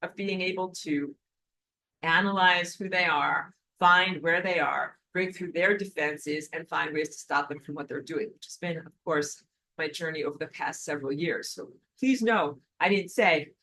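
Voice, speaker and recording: A woman giving a recorded online spiritual lesson, reading out and answering viewer comments. Her voice sits on the low side, and she talks emphatically and animatedly, stacking repeated words for stress. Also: moderate pace, pushed and bright, rough recording. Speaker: spiritual teacher.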